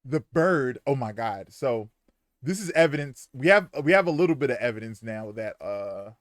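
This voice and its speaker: A man's voice: medium pitch, animated, normal speed, no room sound, studio quality. A young man streaming a game live, chatting casually and crudely and retelling events animatedly. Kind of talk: live gameplay commentary.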